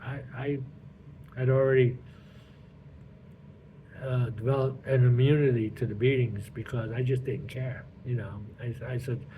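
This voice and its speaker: A middle-aged man, a pastor, telling his life story in a halting way, repeating words and saying "you know" all the time. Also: medium pitch, fairly even intonation. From Brooklyn, New York. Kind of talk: personal testimony. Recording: tinny phone-like line with clear noise.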